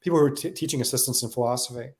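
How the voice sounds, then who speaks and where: A man being interviewed as a guest on software, reflective and casual, with lots of "like" and "you know" fillers. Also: medium pitch. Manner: quick, filler-heavy, reflective.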